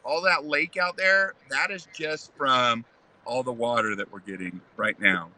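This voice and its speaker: A man's voice: medium pitch, measured pace, sharp tone, rough recording. A man hosting a live trivia stream, upbeat and playful as he reads questions, speaking from a vehicle. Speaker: trivia host.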